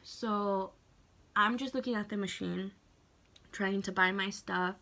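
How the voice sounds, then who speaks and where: A late-teen vlogger tells a casual story-time tale about her own life, chatty and emotional, saying "like" constantly in an animated retelling. Her mid-range voice is creaky and her pace is measured.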